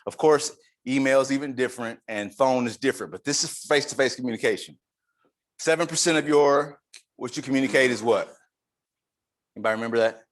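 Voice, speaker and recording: A man giving a lively leadership talk at a conference, emphatic and playful with the audience. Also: medium pitch. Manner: animated, emphatic, playful with the crowd. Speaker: conference speaker. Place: conference room.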